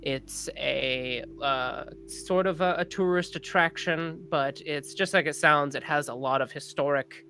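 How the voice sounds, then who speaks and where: A player narrates their character's scene at a slow, halting pace, pausing often and filling the gaps with fillers. The tone is bright and clear. A faint musical bed plays underneath. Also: mid-range voice, soft background music, poor audio.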